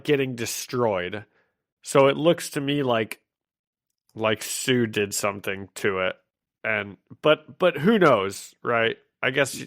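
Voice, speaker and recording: A man's voice: medium pitch, vocal fry. A man co-hosting a podcast, chatting casually as he recaps a comic, laughing often and restarting his sentences. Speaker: podcast co-host.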